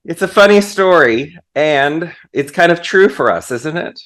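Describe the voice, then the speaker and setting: A man's voice: mid-range voice, animated, moderate pace, hardly any pauses, fairly bright tone. A man preaching as a guest minister, leading a prayer and then telling a story in a sermon.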